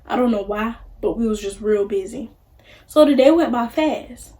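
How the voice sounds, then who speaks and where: A woman's voice: a little high, moderate pace, warm tone. A young woman telling a story on her vlog in a casual, chatty way, acting out the people she quotes. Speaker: vlogger.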